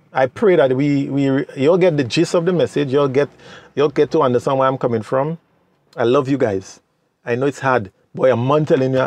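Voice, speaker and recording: A man's voice: mid-range voice, a little mellow, dry recording. A man gives young people earnest, preachy advice in a casual monologue and repeats phrases for emphasis. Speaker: vlogger giving advice to youth.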